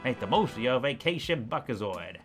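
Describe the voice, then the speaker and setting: A pushy alien shopkeeper with folksy, hard-selling patter, as a man puts him on for a game playthrough. The accent drifts as he talks, and his pitch swoops up and down. Soft music plays underneath. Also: big pitch swings, normal speed. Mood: welcoming. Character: pushy male alien gift-shop salesman.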